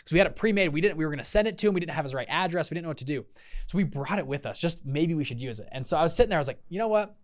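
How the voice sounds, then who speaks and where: Speaking very fast in a fairly high voice, a young man hosting a podcast tells a lively, casual story. He performs the voices of each person he quotes.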